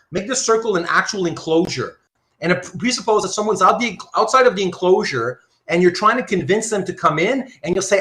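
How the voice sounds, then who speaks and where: A man giving a philosophy lecture, animated and repetitive, often checking whether his students follow. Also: high-pitched, roomy sound. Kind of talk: university lecture.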